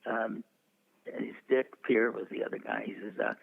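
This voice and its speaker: A man's voice: on the low side, expressive, normal speed, gravelly. A man in his eighties, a veteran publicist, telling rambling anecdotes with frequent chuckles in an interview. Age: 80s. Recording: tinny phone-like line.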